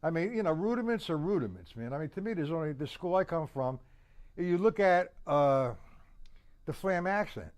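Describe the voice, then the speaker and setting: A man's voice: a little high, expressive, normal speed, a little mellow. A man teaching a casual drum lesson, chatting with viewers and counting beats aloud. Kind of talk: live-streamed drum lesson.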